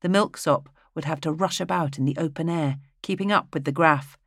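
A narrator reading a fantasy audiobook in a steady, even storytelling manner. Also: medium pitch, a little fast, dry recording, clean studio sound.

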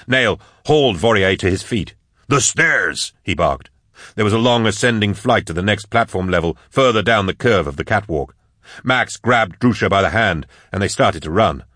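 A man narrating an audiobook in a measured, steady read, close on a studio mic. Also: lowish voice, dry recording. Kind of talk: scripted narration.

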